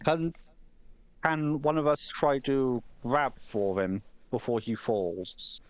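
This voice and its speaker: A man's voice: mid-range voice, expressive, slow, clean tone, dry recording. A man playing a tabletop game over a close home mic, chatting casually and joking often. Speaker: player.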